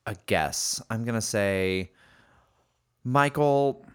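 A man co-hosting a casual podcast, playful and giggly with quick comebacks. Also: on the low side, a bit bright, clear, resonant tone. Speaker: podcast co-host. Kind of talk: casual banter.

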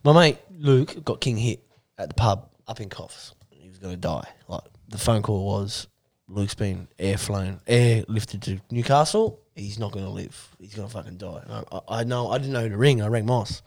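An Australian man speaking bluntly and earnestly in relaxed podcast chat, his stories laced with swearing. He talks plainly, pausing and restarting as he goes. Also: lowish voice, gravelly. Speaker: podcast co-host. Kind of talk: casual chat.

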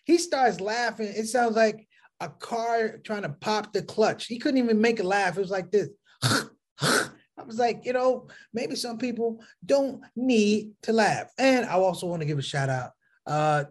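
Brief: middle-aged male comic, high voice, animated storyteller who acts out characters. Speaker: comedian. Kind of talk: stand-up comedy.

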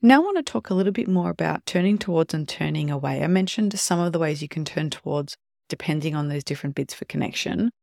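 Podcast host talking relationships, calm, bit of vocal fry, dry close sound. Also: medium pitch, fast talker, dry recording. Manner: calm explanatory, acts out short quoted examples. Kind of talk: solo podcast talk on relationships.

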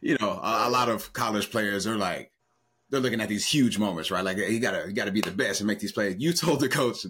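A man's voice: on the low side, fairly quick, a bit bright, slightly rough. A man hosting a casual interview, encouraging his guest with short affirmations. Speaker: host.

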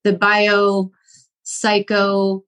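A woman guest in a casual podcast interview, her voice sitting at an ordinary pitch. She talks thoughtfully and often circles back to restart a phrase. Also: monotone, extremely slow, fairly bright tone. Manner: thoughtful, frequent restarts and fillers. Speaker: guest practitioner.

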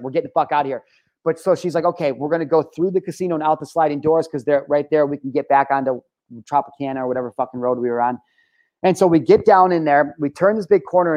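A man in his thirties speaks straight to his viewers, recounting events in a loose, casual way. His voice sits a little high. He is emphatic and swears freely, often stopping and restarting his sentences. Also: a little mellow. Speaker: vlogger recounting a personal story. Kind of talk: casual storytelling to camera.

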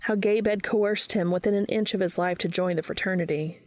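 A woman reading fan fiction aloud in a steady, even narrating voice. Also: medium pitch, a little fast, dry recording, soft background music.

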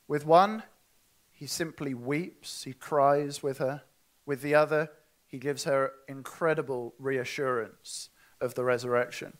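A man's voice: medium pitch, fairly even intonation, unhurried. A man preaching a sermon, earnest and asking his listeners direct questions.

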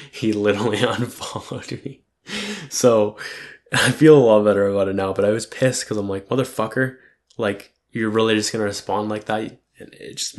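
Profane, rambling young male vlogger. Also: fairly low pitch. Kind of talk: casual reflective monologue.

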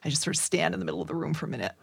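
A woman player quietly describing her character's actions in a tabletop game. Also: sits low, animated, racing, creaky, breathy edge.

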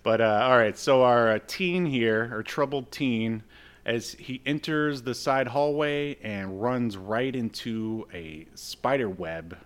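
A man co-hosting a podcast, recapping a comic in a relaxed, chuckling way and reading out the lines in the panels. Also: medium pitch, slow pace, smooth. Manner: laid-back, chuckling, reads out panel lines. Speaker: podcast co-host. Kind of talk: casual chat recapping a comic.

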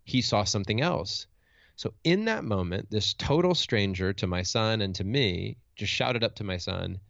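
Man, motivational speaker, gravelly voice, dry close sound, dull lo-fi recording, candid storytelling. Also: fairly low pitch, expressive, moderate pace, a bit bright, no echo. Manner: candid, thinks aloud with restarts and tag questions. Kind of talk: reflective storytelling in conversation.

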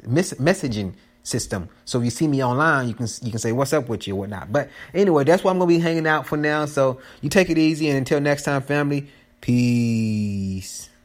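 A man hosting his own podcast in casual chat, rambling and joking and often restarting his sentences. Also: medium pitch. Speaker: podcast host.

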